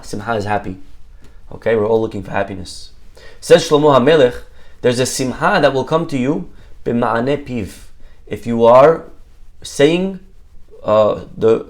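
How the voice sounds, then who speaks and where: A man, a rabbi, giving a lively Torah lesson to a live group, quizzing his listeners and repeating key words. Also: mid-range voice. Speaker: rabbi teaching a weekly Torah class.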